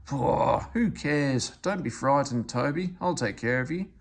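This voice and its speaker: A man's voice: mid-range voice, expressive, a little slow, vocal fry, breathy edge, heavily acted. A man voicing a bossy, self-important male tank engine in a storybook read-aloud. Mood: impatient.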